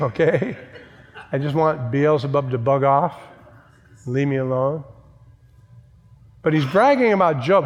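A man preaching a sermon in a large church hall, his fairly high voice ringing out with a long reverb. He leans on repetition and calls out to the congregation between points. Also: animated, normal speed, dull audio. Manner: emphatic preaching with repeated phrases and asides to the congregation. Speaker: pastor.

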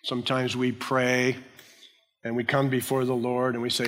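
Earnest preacher man with bright tone. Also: medium pitch, completely flat delivery, moderate pace, in a large hall. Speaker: pastor. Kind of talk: sermon.

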